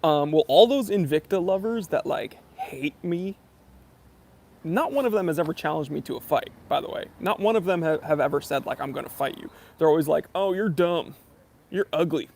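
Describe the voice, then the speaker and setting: Gravelly, joking live-stream host. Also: male voice, on the high side, brisk. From Los Angeles area. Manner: joking, animated, self-deprecating banter. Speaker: YouTube channel host doing a live stream Q&A. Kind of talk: casual live-stream chat reading comments.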